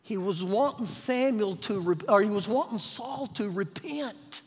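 Male pastor, very high voice, emphatic sermon, rhetorical questions, live church recording, long hall reverb. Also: lively intonation, unhurried, vocal fry, husky. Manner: humorous paraphrasing of scripture. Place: church sanctuary during a live service.

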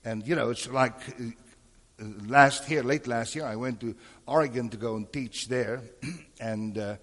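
A husky-voiced male preacher delivering a sermon, often calling on the congregation for an amen. His voice rings out with a long reverb, as in a large church hall. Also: medium pitch, measured pace, a bit bright. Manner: calls for amens and crowd responses. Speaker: pastor.

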